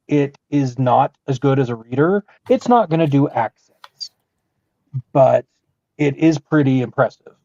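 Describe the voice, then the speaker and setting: A man's voice: mid-range voice, creaky, warm tone, no room sound, dull audio. A man co-hosting a podcast, talking casually and opinionatedly, with frequent restarts. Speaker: podcast co-host.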